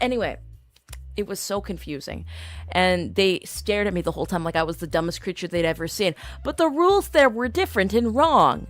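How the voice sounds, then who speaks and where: A woman's voice: mid-range voice, brisk, no room sound, soft background music. A young woman streamer casually telling an exasperated travel story, acting out the voices of the people she met. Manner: animated, exasperated storytelling with acted-out dialogue.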